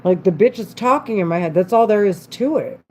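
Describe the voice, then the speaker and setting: A woman's voice: mid-range voice, expressive, brisk, a little mellow, slight background noise, low-quality recording. A woman talking alone in an unscripted monologue, agitated and rambling, with frequent swearing and broken-off sentences. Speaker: vlogger.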